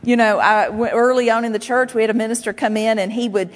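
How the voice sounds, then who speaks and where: A woman pastor preaching a sermon in a conversational, animated way. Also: fairly high pitch, fast talker. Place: church sanctuary. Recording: long hall reverb.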